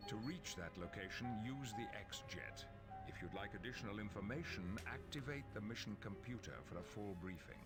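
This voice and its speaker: An actor playing a calm, wise male leader giving a formal mission briefing in a video game. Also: fairly low pitch, normal speed, close to an everyday voice. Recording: game audio with loud music.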